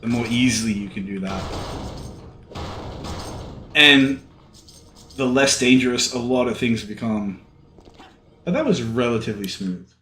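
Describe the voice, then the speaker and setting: A man's voice: medium pitch, unhurried, long pauses, slight background noise. A man who is sick and yawning, rambling casually while commenting on his gameplay. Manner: rambling, relaxed, many fillers. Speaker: let's play gamer. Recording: echoey room. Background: faint game music.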